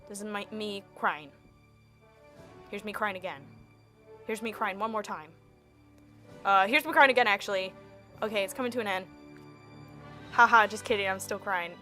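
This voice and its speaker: A young woman doing a self-mocking comedic monologue in a deadpan way. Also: medium pitch, moderate pace, long pauses, faint music behind.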